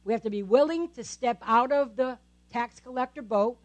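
A woman pastor preaching in a church, with a slightly higher voice. She talks with the congregation rather than at them and keeps tossing in quick tag questions. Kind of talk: sermon.

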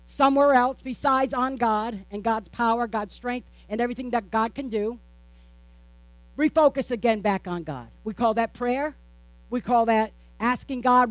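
She's a pastor giving a sermon, keeping a steady, repetitive delivery full of rhetorical questions and teasing little digs at herself. Her pitch is fairly high, her pace moderate, and no room sound comes through.

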